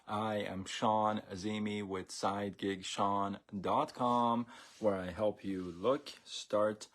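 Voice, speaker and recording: A man hosting a casual live stream, talking in a relaxed, rambling way with many fillers and restarts. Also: lowish voice, slow.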